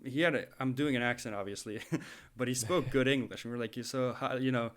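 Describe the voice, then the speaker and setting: A young man telling a story in a casual podcast chat, animated and laughing often, with many restarts. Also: medium pitch, brisk. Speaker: podcast co-host.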